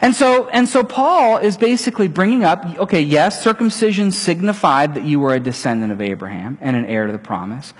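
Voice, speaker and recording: In a sermon recorded with long hall reverb, a middle-aged pastor tells stories animatedly and acts out small voices. His voice is a little high and breathy at the edges, and he talks a little fast with few pauses.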